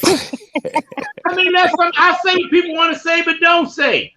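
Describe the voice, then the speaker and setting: A man hosting a live sports-talk podcast, loud and boisterous, trash-talking teams. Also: very high-pitched, steady tone, brisk. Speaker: podcast host.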